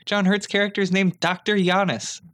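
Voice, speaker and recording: Podcast co-host, man, high bright voice, animated movie chatter. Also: a little fast. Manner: animated, laughs often, dry asides. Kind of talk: casual movie review chat.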